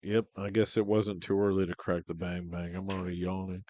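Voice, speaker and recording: Laid-back low-voiced pool commentator. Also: male voice, flat delivery, a little fast, mellow, dry recording, lo-fi sound. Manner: laid-back, chatty, talks shop about shots. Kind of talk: casual live commentary. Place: pool hall at a tournament.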